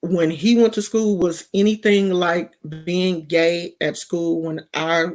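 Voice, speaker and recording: A woman's voice: fairly low pitch, steady tone, slow. A woman from California giving casual gossip commentary in a slangy, mocking, rambling way. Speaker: vlogger.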